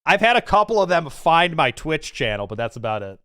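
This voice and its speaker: A man streaming a dating game, excitable and swearing casually as he reacts to the story. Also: on the high side, a little fast, smooth. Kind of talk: casual gaming stream commentary.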